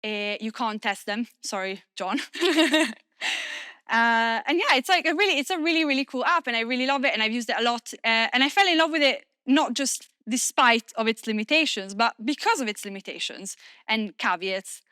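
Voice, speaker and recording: A woman whose first language is Italian, giving a lively, self-deprecating conference talk in English with many fillers. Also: on the high side, moderate pace, clear, resonant tone, no room sound, studio quality. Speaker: conference speaker.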